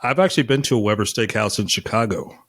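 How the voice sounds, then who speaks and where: A man's voice: lowish voice, quick pace, a bit bright. A man hosting a casual podcast interview, asking questions with a dry, playful touch. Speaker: podcast host.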